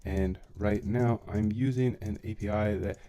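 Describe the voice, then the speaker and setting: Laid-back low-voiced man coding live. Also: steady tone, unhurried, dark tone, smooth. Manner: loose slangy banter with chat; eating while talking. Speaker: livestreaming coder and trader. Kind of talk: casual live coding stream.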